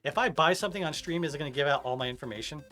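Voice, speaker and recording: A man's voice: fairly high pitch, rapid-fire, faint music behind. A man streaming a game live, chatting casually and reading and answering his chat as he plays. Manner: animated, chatty, reads chat aloud.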